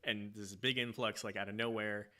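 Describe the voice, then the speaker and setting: A man's voice: fairly low pitch, steady tone, moderate pace, bright, forceful tone. A man co-hosting a casual podcast, chiming in and giving listeners context. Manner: chimes in with short agreements, gives context to listeners. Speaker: podcast co-host. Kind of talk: casual chat.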